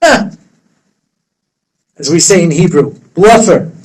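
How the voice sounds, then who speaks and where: A rabbi lectures to students in a fairly high voice. He tells the story with animated humor, slipping into the characters' voices as he goes. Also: takes it slowly, slight background noise, low-quality recording. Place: study hall.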